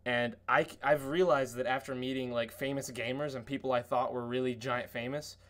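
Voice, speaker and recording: A man's voice: medium pitch, fairly even intonation, moderate pace. Rambling, swearing man hosting a podcast. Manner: rambling storyteller, heavy on "like" fillers and swearing. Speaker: podcast host. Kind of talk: casual podcast chat.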